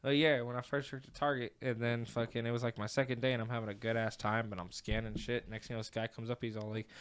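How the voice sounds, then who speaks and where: Profane young man telling animated stories. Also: mid-range voice, fast talker, few pauses, clear, resonant tone. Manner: profane, animated storyteller acting out quotes. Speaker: podcast host. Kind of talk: casual podcast chat, storytelling.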